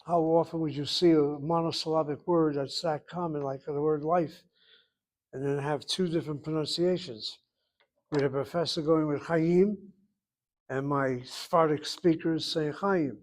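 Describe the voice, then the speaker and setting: Male language teacher, fairly high voice, emphatic, repeats himself, corrects students. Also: fairly even intonation, moderate pace, darkish tone. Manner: emphatic, repeats and corrects students, thinks aloud while spelling. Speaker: Hebrew teacher. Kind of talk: online class teaching.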